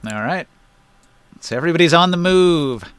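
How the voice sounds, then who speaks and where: A man running a tabletop game as game master, narrating in a relaxed way with frequent fillers. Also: fairly high pitch, moderate pace, clean tone.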